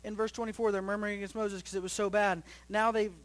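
A young male pastor with a very high-pitched voice preaches a sermon. He builds to loud, rising passages, then sinks low and quiet, often repeating himself and restarting phrases. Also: little pitch movement, fast.

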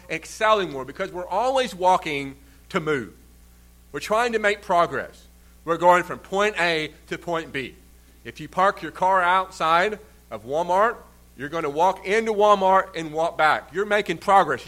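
A man's voice: high voice, pushed and bright. A man preaching a sermon in an earnest, emphatic way, stretching out key words for stress. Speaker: pastor.

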